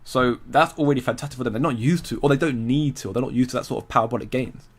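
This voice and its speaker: A young man hosts a relaxed livestream, talking at an ordinary, mid-range pitch. He rambles in a loose, conversational way, breaks off to greet viewers and answer their comments, and laughs easily. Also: racing, slightly rough. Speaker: crypto livestream host. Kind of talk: casual livestream chat.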